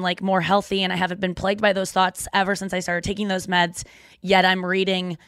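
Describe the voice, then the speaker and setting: A woman's voice: mid-range voice, a bit bright, dry recording, studio quality. A young woman hosting a podcast, talking in a rambling, tearful, apologetic way while crying. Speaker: podcast host. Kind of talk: emotional personal monologue. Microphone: studio microphone.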